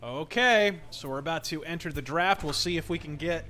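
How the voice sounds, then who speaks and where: A man's voice: a little high, normal speed, soft background music. Sarcastic swearing man. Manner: sarcastic, swearing, bursts into shouts. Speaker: streamer playing a baseball game. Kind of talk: profane live gameplay commentary.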